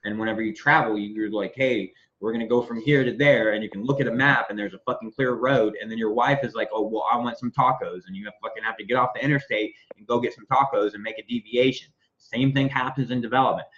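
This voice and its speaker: A man hosting a casual business call, his speech rambling and full of swearing as he tells stories. His voice sits at a middle pitch. The audio is slightly dull and lo-fi. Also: quick pace, hardly any pauses, a little hiss or hum. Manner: profane, rambling, animated storytelling. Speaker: host of a members' business call.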